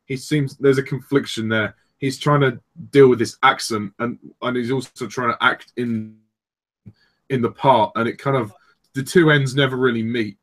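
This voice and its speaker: A man discussing films casually, halting and saying "like" often. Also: mid-range voice, steady tone, fairly bright tone. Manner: halting, says "like" often, laughs easily. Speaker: film reviewer.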